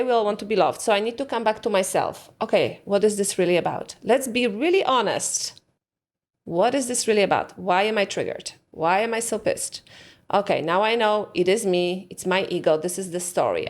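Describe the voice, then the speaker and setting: Woman coach, calm and reflective, podcast guest, medium pitch. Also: a little fast. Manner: calm, reflective, talks herself through questions. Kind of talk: podcast interview.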